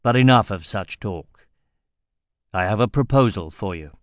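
A shrewd older merchant, calculating and measured, speaking slowly with a low, level voice, as a male narrator plays him. The reading is close and dry. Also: expressive, no echo. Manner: slow, deliberate.

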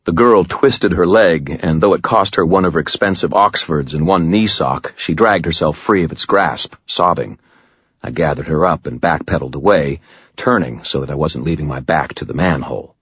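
A man's voice: low voice, moderate pace, a bit bright, husky, dry recording, dull audio. A man narrating an audiobook in the first person, with dry, wry storytelling.

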